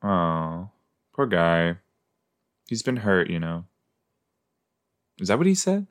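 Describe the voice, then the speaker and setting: Low-voiced guy reacting to a show, slow and chatty, lots of ews and ughs. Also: big pitch swings, clean tone. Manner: reactive, exclaiming, groans of disgust. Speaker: podcast host. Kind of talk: casual watch-along reaction chat.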